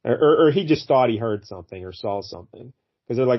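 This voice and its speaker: A man's voice: medium pitch, expressive, fast. Guy chatting about an old comic, rambly, lots of uhs, slightly muffled audio. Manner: rambling, with many fillers and restarts. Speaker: podcast host. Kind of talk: casual comic book review chat.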